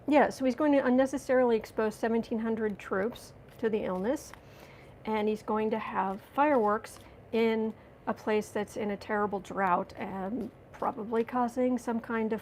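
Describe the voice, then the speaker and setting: A woman's voice: a little high, a little slow, darkish tone, slight background noise. A woman hosting a livestream as a tarot reader, chatting casually and sarcastically while reading out viewer comments.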